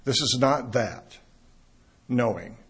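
A man's voice: mid-range voice, takes it slowly, a bit bright, breathy edge. A man teaching a Bible lesson, thinking aloud and correcting himself as he goes.

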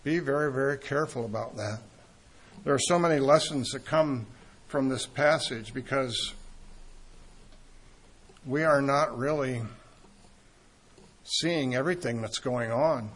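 A man preaching a sermon in an earnest, emphatic way, pausing often and restarting phrases. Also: medium pitch, breathy edge.

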